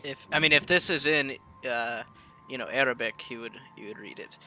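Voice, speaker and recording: A man's voice: medium pitch, moderate pace, pushed and bright, a little hiss or hum, low-quality recording. A man playing a tabletop game, chatting eagerly and casually about his character. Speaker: player.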